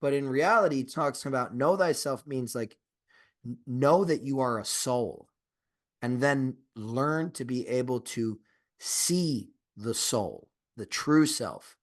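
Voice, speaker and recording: Speaking slowly with lively intonation, this medium-pitched man co-hosts a podcast in a loose, casual conversation. His talk is profane and rambling, full of fillers and false starts, and he turns forceful and insistent when pressing an argument.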